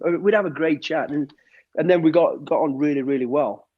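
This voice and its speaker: Lively middle-aged storyteller. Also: male voice, on the high side, quick pace, no room sound, lo-fi sound. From United Kingdom. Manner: lively storyteller, repeats words, acts out quotes. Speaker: guest, former soldier and bodyguard. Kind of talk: anecdotal storytelling.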